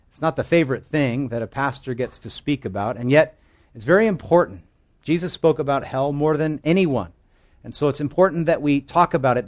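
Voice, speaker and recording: A man preaching a sermon as a pastor, earnest and emphatic, at times dropping to a hushed low voice. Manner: earnest, emphatic, shifts between loud stress and hushed low lines.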